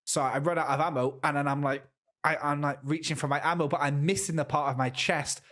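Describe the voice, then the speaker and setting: A man co-hosting a podcast, talking in an excitable, stammering casual way. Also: fairly high pitch, brisk. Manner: animated, excitable storytelling with stammers. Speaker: podcast co-host. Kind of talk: casual chat.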